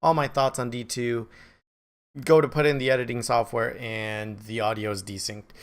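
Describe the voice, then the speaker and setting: A man talks through his opinions of a video game in a loose, chatty vlog. He rambles, corrects himself and pokes fun at himself as he goes. His voice sits at an ordinary middle pitch. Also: fairly even intonation, moderate pace. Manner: rambling, self-deprecating, offhand. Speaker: gaming video creator. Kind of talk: casual game review vlog.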